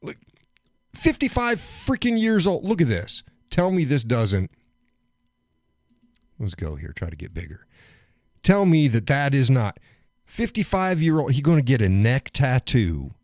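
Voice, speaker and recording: A man's voice: medium pitch, very animated, unhurried, pauses often, darkish tone, dry recording, clean studio sound. A man hosting a live stream, chatting casually, joking, laughing often and getting worked up as he rants.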